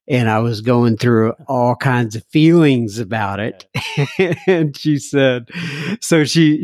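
A man hosting a podcast talks in an unhurried, halting way. His pitch sits in a middle range. The recording is dry and close. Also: no echo. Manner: halting, many fillers and restarts. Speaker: podcast host. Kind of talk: casual interview chat.

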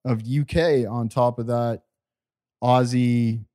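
A man's voice: mid-range voice, fairly even intonation, slow, dark tone. A man hosting a casual podcast chat in a laid-back, rambling way. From Canada. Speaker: podcast host. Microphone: remote call.

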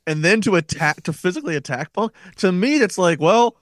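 A man's voice: sits high, very animated, brisk, no room sound, studio quality. A man co-hosting a wrestling podcast, thinking aloud in casual chat with frequent restarts. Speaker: podcast co-host.

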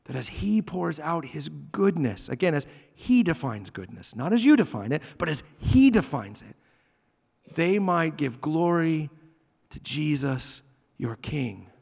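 High-voiced pastor preaching in a hall. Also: male voice, measured pace, creaky, husky. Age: 30s. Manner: animated preaching, swings from loud emphasis to hushed asides. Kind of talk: sermon. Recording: long reverb of a large hall.

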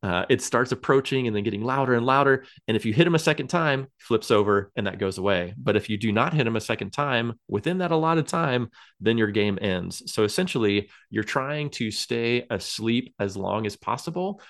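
A man's voice: medium pitch, expressive, a little fast. A man co-hosting a podcast, chatting casually and rambling with many fillers and small laughs. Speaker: podcast co-host. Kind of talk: casual chat.

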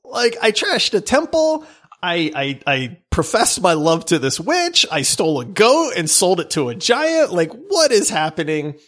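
A man co-hosting a gaming podcast, retelling a quest in an animated, laughing way. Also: sits high, unhurried. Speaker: podcast co-host. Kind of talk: casual chat.

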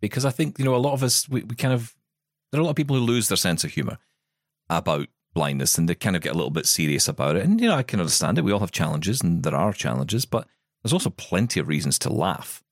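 Animated, opinionated male podcast co-host. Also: low-pitched, quick pace, no room sound, clean studio sound. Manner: laughs often, opinionated and animated. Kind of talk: casual chat.

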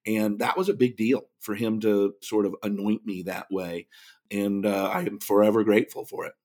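A man's voice: fairly low pitch, normal speed, heavy background noise. A man who speaks professionally, telling stories in a podcast interview and bringing the people in them to life with impressions. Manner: animated, does lively impressions of others. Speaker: guest speaker.

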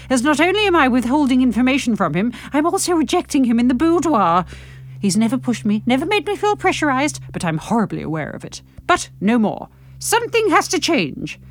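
A woman reading her own novel aloud with expressive, animated narration and frank humour. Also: on the high side.

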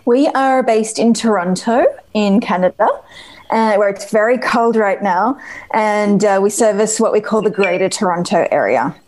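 A woman with an Australian accent speaks as a guest on a casual podcast. She is a company co-founder and talks in a relaxed, slightly halting way. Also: mid-range voice.

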